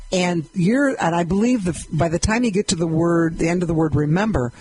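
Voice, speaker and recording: A woman who is a guest on a radio interview, explaining her ideas in an animated way and acting out little scenes as she goes. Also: lowish voice, a little fast, few pauses, background noise. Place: radio studio.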